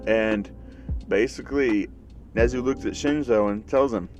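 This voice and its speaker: A man's voice: mid-range voice, moderate pace, music in the background. A man telling a fan story in a casual way, leaning on fillers like "and basically.". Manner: casual, filler-heavy recounting.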